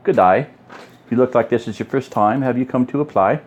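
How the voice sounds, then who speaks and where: A man's voice: low-pitched, a little fast, darkish tone, muffled recording. A man reading the lines of an efficient young woman aid worker in an audiobook, in a slightly raised voice. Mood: brisk. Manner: efficient, industrious.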